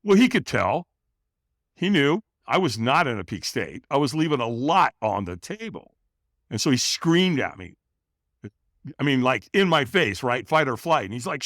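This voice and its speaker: Middle-aged guy from california telling a wild story on a podcast, voice jumping all over, dry close sound. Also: no room sound. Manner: animated, acts out other people's lines with bursts of pitch and volume. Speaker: podcast guest, company founder. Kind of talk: dramatic personal storytelling in a podcast interview.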